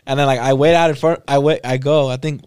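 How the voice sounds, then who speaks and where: A man's voice: medium pitch, steady tone, quick pace, darkish tone, smooth, dry recording, studio quality. A young man in a casual chat, bantering and laughing with friends.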